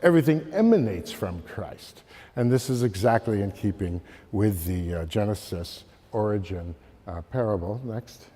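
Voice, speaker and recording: A man giving an art history slide lecture, halting with many fillers and calling for the next slide. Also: fairly low pitch, animated, warm tone. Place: lecture hall. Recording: long hall reverb.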